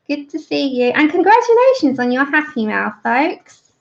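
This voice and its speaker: A woman's voice: high voice, sing-song, unhurried, vocal fry. Chatty woman, lo-fi stream audio. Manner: chatty, greets viewers by name, laughs often. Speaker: art livestream host. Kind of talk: live colouring tutorial with chat.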